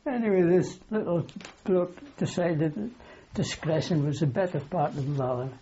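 A man's voice: a little high, warm tone, husky, lo-fi sound. An older man, a wartime aircrew veteran, telling a long anecdote in an oral history interview. He rambles, corrects himself as he goes and keeps a dry humour.

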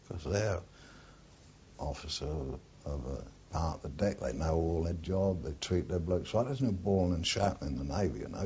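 A man's voice: low voice, darkish tone, slight background noise. Blunt older Englishman telling old stories. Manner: blunt storyteller with frequent swearing, drifts off topic. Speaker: interviewee, war veteran. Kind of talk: oral history reminiscence. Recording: dull lo-fi archive tape.

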